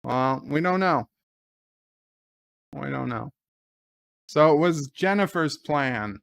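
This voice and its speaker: A man's voice: a little high, lively intonation, takes it slowly, creaky, fairly bright tone, no room sound, studio quality. A man hosting a live watch-along, casually retelling scenes in loose paraphrase and answering viewer chat. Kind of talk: casual live episode commentary.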